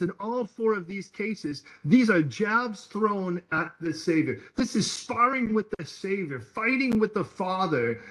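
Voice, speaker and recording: Male pastor, slightly high voice, lively storytelling sermon, echoey church hall recording. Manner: storytelling preacher, acts out quoted voices.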